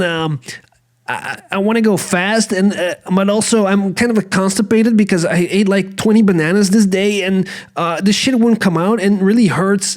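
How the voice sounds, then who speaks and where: Dude voicing a mischievous cartoon main guy, forced high voice, kinda rushed. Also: close to an everyday voice. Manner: forced, hurried cartoon delivery. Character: mischievous cartoon main character, young man.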